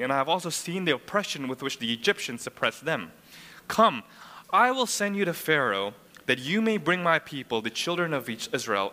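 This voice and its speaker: A man's voice: on the high side, bright, forceful tone. A man preaching a sermon who explains scripture verse by verse and keeps asking the room rhetorical questions. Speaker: pastor. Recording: long hall reverb.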